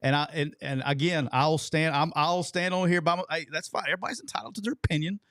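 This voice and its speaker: A man's voice: on the high side, fast talker, fairly bright tone, no echo, clean studio sound. A man co-hosting a sports talk show, chatty and loose, often restarting his sentences. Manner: chatty, restarts and repeats himself. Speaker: co-host.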